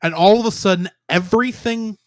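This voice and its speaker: A man co-hosting a podcast, calmly and analytically talking through a film's story in casual chat. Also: sits high, brisk, no echo, studio quality. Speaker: podcast co-host. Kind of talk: casual film review chat.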